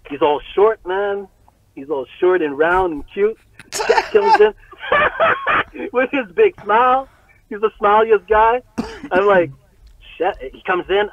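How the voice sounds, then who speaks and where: Brief: guest from Montreal, rapper-chef, excitable and sweary, higher voice, phone-line audio. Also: male voice, no room sound. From Montreal, Canada. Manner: excitable, profane, laughs often. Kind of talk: casual storytelling. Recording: tinny dry phone-like line.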